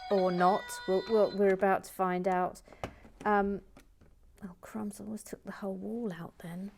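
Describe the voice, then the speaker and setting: A woman hosting a LEGO build, chatting casually and playfully, slipping into mock outrage and soft whispers. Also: medium pitch, little pitch movement, a little slow, vocal fry, faint music behind. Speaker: host building a LEGO set. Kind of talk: casual live chat while building.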